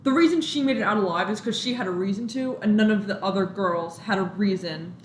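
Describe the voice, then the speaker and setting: A woman's voice: medium pitch, a little fast. Easygoing young woman, echoey room. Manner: agreeable, relaxed, lots of short backchannels. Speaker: podcast co-host. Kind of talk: casual movie chat. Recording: roomy with faint background noise.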